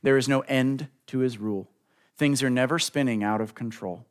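A man preaching a sermon, building to emphatic lines and drawing out key words slowly, speaking directly to the congregation. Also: medium pitch, smooth. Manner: preaching with rising emphasis and slow drawn-out stresses; addresses the congregation directly as folks. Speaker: pastor.

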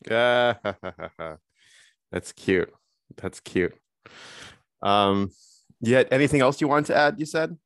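A man's voice: medium pitch, takes it slowly, pauses often, fairly bright tone. A man hosting a casual interview, giving brief, easygoing replies. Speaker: host.

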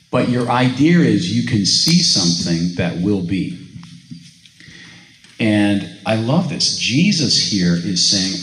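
A man's voice: low-pitched, a bit bright, echoey room, poor audio. A man preaching a sermon to a congregation, telling stories and asking the room questions in a conversational way. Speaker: pastor.

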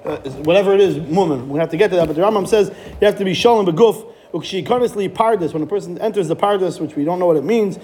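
A man giving a Torah class, animated, with rhetorical questions and frequent restarts. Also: sits high, fast, hardly any pauses, slight background noise. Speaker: Torah teacher.

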